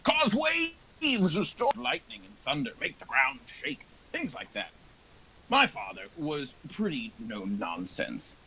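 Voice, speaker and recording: A man's voice: a little high, sharp tone, slight background noise, voice pushed up, exaggerated voice, poor audio. A man voicing a dying old bearded man who solemnly tells a story from his youth. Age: older. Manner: slow, grave storytelling.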